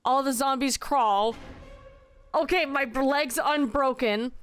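A young woman streaming a game live, exasperated and swearing as she yells at her chat. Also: high-pitched, slow pace, noisy background.

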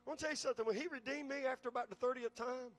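A man preaching a sermon as pastor, calling out to the congregation and building to shouts. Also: very high-pitched, steady tone, racing, no room sound.

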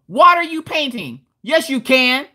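A woman hosting a casual crafting livestream from her desk at home, reading out viewer comments in a loud, bawdy, joking way and laughing often. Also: high voice, big pitch swings, unhurried. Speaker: livestream host.

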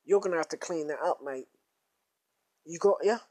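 A man's voice: fairly high pitch, normal speed, darkish tone, husky. A man doing a groaning man in distress. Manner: groaning, exasperated. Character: man named John straining on a toilet.

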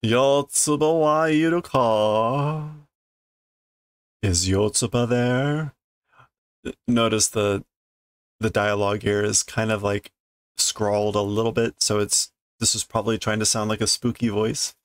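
A man reading a comic aloud and translating it as he goes, thinking aloud with halting restarts and fillers. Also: lowish voice, fairly even intonation, no echo. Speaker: Japanese learner reading a comic on stream.

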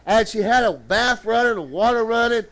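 This preacher tells a story from the pulpit, calling to his congregation and drawing out slow, dramatic lines. He has a very high, fairly bright voice, with slight background noise in the recording.

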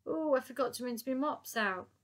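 A woman reading aloud, voicing an elderly cleaning lady who is scatterbrained and chirpy, with a high, muddled delivery. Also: animated, moderate pace.

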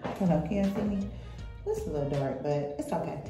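A woman's voice: sits low, very animated, brisk, echoey room, loud music behind the voice. A woman in her fifties vlogging casually, gushing and chatty as she talks straight to her viewers. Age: 50s. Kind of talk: casual vlog unboxing and travel chat.

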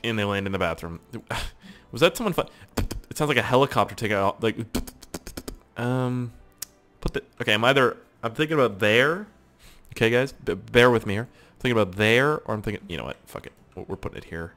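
A man's voice: lowish voice, lively intonation, brisk, fairly bright tone. A young man giving casual, joking gameplay commentary, swearing and talking to himself as he builds. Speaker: gaming video host.

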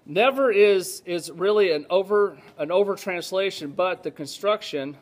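A man preaches a Bible lesson in an easy, talkative way. His voice sits a little high for a man. He wanders off on asides and keeps checking that the congregation is with him. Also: moderate pace, few pauses. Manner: conversational, digressive, checks in with the congregation. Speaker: pastor. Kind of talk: Bible teaching sermon.

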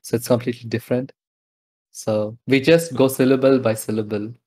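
A man's voice: mid-range voice, fairly even intonation, a little fast, darkish tone, no room sound. A man from India with an Indian accent, co-hosting a casual video-call chat and laughing often. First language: Telugu. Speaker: podcast co-host.

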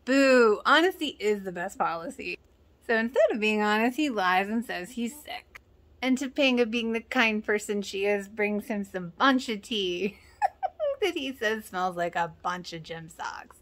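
A woman's voice: mid-range voice, animated, unhurried, fairly bright tone. A woman casually recapping a sitcom episode in a chatty, giggly way, often acting out the characters' lines. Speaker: reaction channel host.

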